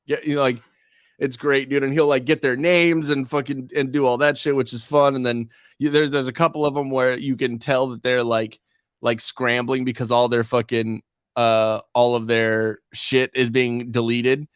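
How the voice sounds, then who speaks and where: Guy cohosting a podcast, rambly and swears a lot, mid pitch, dry sound. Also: level tone, moderate pace, clear, resonant tone, no room sound. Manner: profane, rambling, many fillers. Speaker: podcast co-host. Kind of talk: casual podcast chat.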